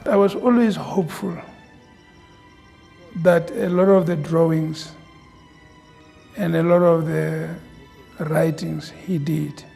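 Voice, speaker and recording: A man speaking in a documentary interview, slow and reflective. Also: on the high side, creaky, a little mellow.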